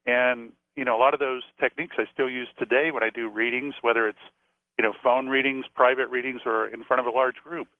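A man's voice: medium pitch, fairly even intonation, fairly quick, dry recording. Man, radio guest, chatty storyteller, phone-line sound, dry. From Florida. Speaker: psychic and former police officer, radio guest. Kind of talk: storytelling on a call-in radio show.

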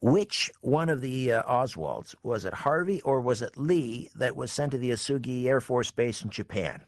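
Man, interviewer, measured, curious, dry studio sound. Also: mid-range voice, expressive, no echo. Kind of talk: interview questions.

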